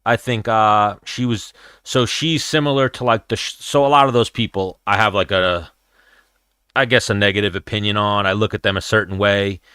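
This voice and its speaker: Blunt, bright-toned man hosting a chat. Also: on the low side, fairly even intonation, moderate pace, clean tone, no echo, clean studio sound. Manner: blunt, profane, rambling. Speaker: podcast host. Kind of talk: casual livestream chat while watching fights.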